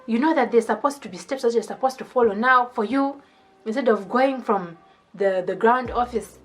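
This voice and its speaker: A woman's voice: a little high, moderate pace, natural voice. A woman voicing a harsh female immigration officer, scolding with scornful rhetorical questions.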